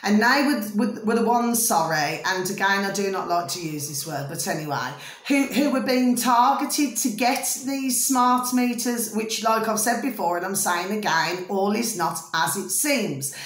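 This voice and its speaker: A woman's voice: medium pitch, normal speed, reverberant, slight background noise. A middle-aged British woman chatting in a rambling way to her viewers, often checking that they follow her. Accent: British English. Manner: chatty, repeats "do you see what I mean?" and "ding ding". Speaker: vlogger. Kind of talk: rambling casual monologue to camera.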